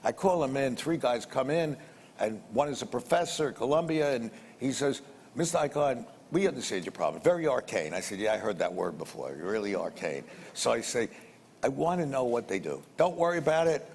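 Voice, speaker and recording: A man's voice: mid-range voice, very animated, fairly quick, creaky, a little mellow, slight background noise. Older New man telling a story. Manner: conversational, repeats phrases, acts out quoted dialogue. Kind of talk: anecdotal storytelling. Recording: long hall reverb, faint ambience.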